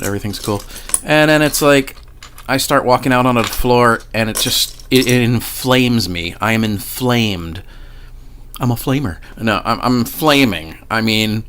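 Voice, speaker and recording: A male vlogger casually recounts a personal paranormal experience, rambling, swearing and often restarting his sentences. His voice is mid-range, smooth and a bit bright.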